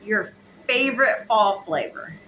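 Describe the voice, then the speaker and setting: A chatty woman hosts a relaxed home vlog, her bright voice bouncing around a roomy space. She talks loosely, filling pauses with ums. A faint hiss sits underneath. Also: medium pitch. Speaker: vlog host and mother. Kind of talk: casual chat. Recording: roomy, light background hiss.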